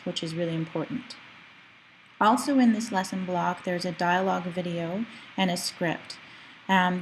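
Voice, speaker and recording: A woman teaching a recorded language lecture, explaining words patiently and slowing down to model pronunciation. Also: fairly low pitch, slight background noise, low-quality recording.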